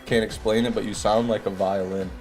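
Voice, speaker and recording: A man's voice: lowish voice, fairly even intonation, a little fast, darkish tone, soft background music. A man with a groggy morning voice hosting a live gaming stream. He chats casually, reads out viewer messages and swears when things go wrong.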